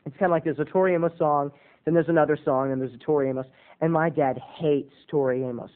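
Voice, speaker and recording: A man in his twenties, a video blogger telling a comic story in an animated, dramatic, self-mocking way. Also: on the high side, fast, narrow, tinny audio. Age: 20s.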